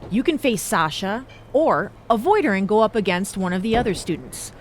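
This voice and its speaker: A woman voicing a female wrestling trainer in a video game, speaking in a steady, instructive way. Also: medium pitch, normal speed, slight background noise, close to an everyday voice.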